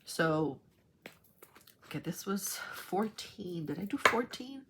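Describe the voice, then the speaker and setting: A woman's voice: lowish voice, slow, very noisy. A woman vlogger telling a rambling story in a chatty way while she sorts her craft supplies. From New York. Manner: chatty, rambling, animated when retelling.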